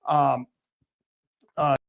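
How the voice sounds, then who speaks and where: A man hosting his own podcast, telling stories in a rambling, animated way with plenty of fillers and restarts. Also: extremely slow. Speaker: podcast host. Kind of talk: casual monologue.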